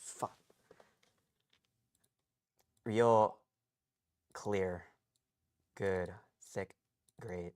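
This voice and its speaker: A man's voice: medium pitch, measured pace, a bit bright, clear, resonant tone. A young man from the United States chatting casually on a live stream from his garage, rambling with frequent restarts and tag questions. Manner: rambling, repeats "okay?" and restarts often. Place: home garage.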